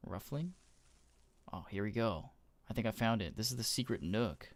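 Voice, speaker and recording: A man giving casual gameplay commentary, gushing with awe and often trailing off into soft murmurs. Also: on the low side, animated, moderate pace. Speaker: gaming YouTuber.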